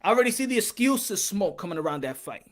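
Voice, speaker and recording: A man's voice: sits high, sing-song, fast. A man hosting a casual boxing live stream, bantering with his chat in a profane, laughing way. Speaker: boxing channel host.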